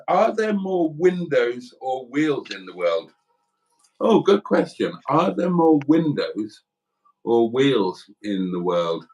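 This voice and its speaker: A middle-aged man from South Wales hosting a casual livestream, chatting in a rambling, self-deprecating way as he reads out viewer comments. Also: on the high side. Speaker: livestream host.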